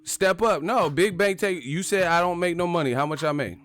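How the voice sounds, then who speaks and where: A man hosting a live chat stream, talking casually and trash-talking commenters with loud bursts and laughs. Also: sits high, brisk, faint music behind. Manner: brash trash talk, frequent laughing.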